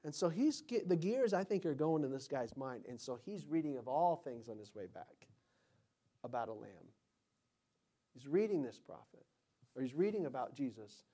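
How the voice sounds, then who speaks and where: A man preaching a sermon as pastor, telling stories and acting out quotes, swinging between loud and whispered lines. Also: medium pitch, lively intonation, moderate pace.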